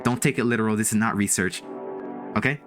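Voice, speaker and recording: A woman with an extremely low voice talks fast over background music. She's livestreaming from a room in her house, giving her chat a casual pep talk in an emphatic, playful way full of swooping exclamations.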